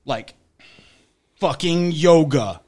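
Profane, animated male podcast co-host. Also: fairly high pitch, extremely slow. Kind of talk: casual chat.

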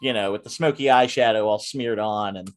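A man hosting a casual podcast, reviewing a film with lots of fillers and restarts, and breaking into animated rants. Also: on the low side, brisk. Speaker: podcast host. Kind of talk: casual movie review chat.

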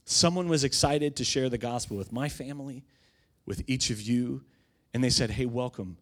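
A middle-aged pastor preaching a sermon, telling stories conversationally and swelling into emphatic proclamation. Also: male voice, medium pitch, moderate pace.

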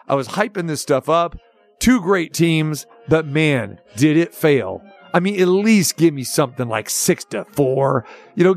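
High-voiced ranting sports radio man. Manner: animated ranting with mock questions and sarcasm. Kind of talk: opinionated sports talk.

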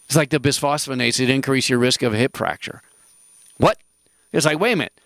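Radio health host, male, gravelly, dry close sound, rambling and jokey. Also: medium pitch, fast talker, fairly bright tone, no room sound. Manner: rambling, jokey, emphatic asides. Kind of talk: casual radio talk.

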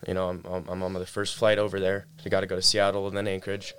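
There's slight background noise as a young man casually recounts a personal story, relaxed and heavy on "like" and "dude." He's a guest with a deep, a-bit-bright voice, speaking quickly in a completely flat delivery.

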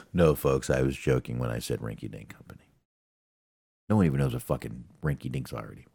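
Male podcast co-host, very deep, dry close sound, blunt, profane. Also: creaky, a little mellow, husky, no echo. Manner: blunt, swears a lot, laughs often. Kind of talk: profane wrestling podcast chat.

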